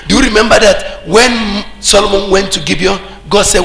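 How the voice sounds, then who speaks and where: A Nigerian pastor preaching a sermon, older, with sudden shouted peaks and call-and-response to the congregation. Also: male voice, high-pitched, normal speed, gravelly. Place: church hall. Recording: echoey church hall.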